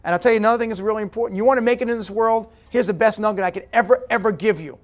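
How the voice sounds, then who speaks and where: Guy with a pretty high voice doing a motivational talk, blunt, keeps saying okay to the room. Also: very fast. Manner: punchy, direct, talks to the audience with repeated "okay?". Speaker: guest speaker at a business breakfast. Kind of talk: motivational speech.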